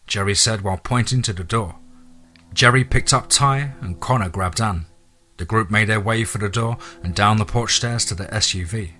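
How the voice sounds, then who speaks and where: A man narrating a horror story in a dramatic, steady audiobook reading. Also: on the low side, moderate pace.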